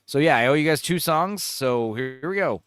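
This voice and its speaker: A man chats on a livestream in a crude, joking, rambling way. His voice sits a little high and swings widely in pitch. The sound is dry and close. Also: lively intonation, moderate pace, a bit bright, smooth, dry recording. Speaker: livestream host. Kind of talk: casual livestream chat.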